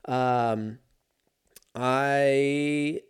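Brief: male podcast host, mid-pitched voice, loose profane rambling, self-mocking asides. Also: steady tone, extremely slow, smooth. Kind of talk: casual solo podcast chat.

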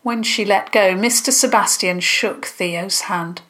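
A woman reads a children's story aloud at a slow, careful pace. Her voice sits mid-range and her narration is gentle and even. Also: medium pitch.

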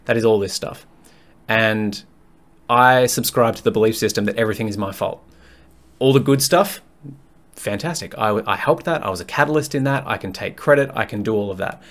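Blunt, low-voiced male podcast host. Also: fairly quick, a bit bright. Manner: blunt, frank, swears freely; rambling and conversational, thinks aloud. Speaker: fitness coach and podcast host. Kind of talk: candid solo podcast monologue.

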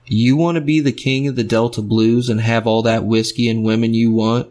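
A man voicing the devil at a crossroads, a tall barrel-chested figure who speaks in a slow, measured, knowing way. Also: medium pitch, little pitch movement, a little mellow, close to an everyday voice. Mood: menacing.

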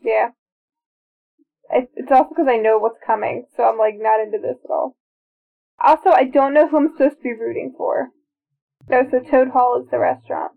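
Pausing often, a woman with a fairly high, creaky voice speaks at a moderate pace in a steady tone. She's a podcast co-host chatting casually during a movie and eagerly sharing trivia, recorded with a narrow, phone-like sound.

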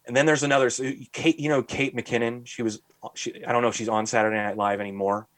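A man's voice: medium pitch, fast talker, no room sound. Casual podcast host, male, exasperated rant delivery, leans on "like", dry close sound. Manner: animated ranting, heavy use of "like"; exasperated, mocking.

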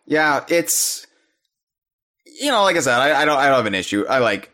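Man, podcast co-host, casual chat, very lively pitch, animated delivery. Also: moderate pace. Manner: animated, mimics voices in jest.

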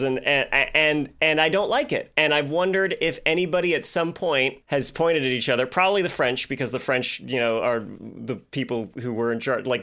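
A man co-hosting a casual podcast, chatty and rambling, quick to joke. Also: medium pitch, a bit bright. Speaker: podcast co-host.

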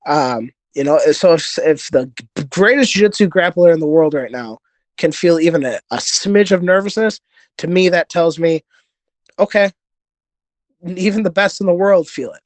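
A man's voice: on the high side, normal speed, dry recording. A man telling stories in a casual podcast interview, earnest and rambling with many restarts. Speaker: podcast guest, jiu-jitsu competitor.

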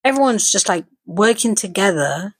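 A woman co-hosting a podcast, chatting casually and telling stories in an animated way, acting out what others said. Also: mid-range voice, moderate pace, slightly rough, no room sound. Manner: animated storyteller, acts out quoted dialogue. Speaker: podcast co-host and mother. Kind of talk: casual chat.

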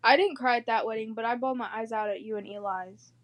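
A woman's voice: on the high side, quick pace. A young woman co-hosting a podcast, chatting bluntly, swearing freely and laughing often. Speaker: podcast co-host. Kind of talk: casual chat.

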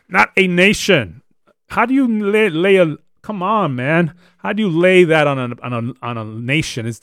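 Guy teaching the bible on a live show, kinda high voice, dry close sound, pushy rhetorical questions, folksy. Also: no room sound. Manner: emphatic, with blunt rhetorical questions.

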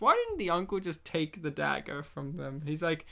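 Smooth-voiced joking movie chat man. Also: on the high side, sing-song, normal speed, few pauses, pushed and bright. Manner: joking, sarcastic, laughs often. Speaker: movie commentary co-host. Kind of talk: casual movie commentary chat.

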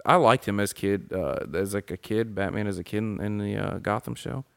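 Brief: lower-voiced man, podcast co-host, animated casual talker. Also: creaky, clean tone. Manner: animated, jumps between topics, does quick impressions. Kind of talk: casual chat.

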